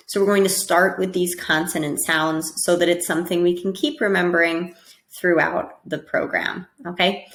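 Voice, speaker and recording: A woman teaches pronunciation slowly and clearly, encouraging her listeners and pausing often to check that they follow. Her voice sits slightly low. The recording carries the echo of a reverberant room. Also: a bit bright. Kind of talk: slow, clear instructional lesson. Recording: echoey room.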